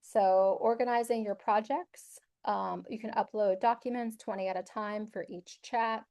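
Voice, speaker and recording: Mellow-voiced woman presenting a webinar. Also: medium pitch, fairly even intonation, measured pace. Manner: upbeat, conversational, frequent fillers.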